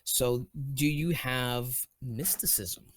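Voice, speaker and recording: A man at an unhurried pace acts as game master for a tabletop game. He searches aloud and fills pauses with ums and restarts. His voice is close and dry, with no room sound around it. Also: mid-range voice, no room sound. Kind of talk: running a tabletop game over voice chat.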